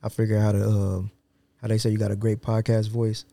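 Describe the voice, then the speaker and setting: A man's voice: lowish voice, a little fast, gravelly, dry recording. Joking man on a podcast, dry mic. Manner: joking, animated, slangy. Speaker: podcast co-host. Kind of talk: casual podcast banter. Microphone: studio podcast mic.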